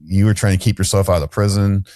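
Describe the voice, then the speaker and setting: A man's voice: sits low, steady tone, fast, darkish tone, dry recording, clean studio sound. A middle-aged man, a podcast guest, telling a candid story in a rambling way with restarts and fillers.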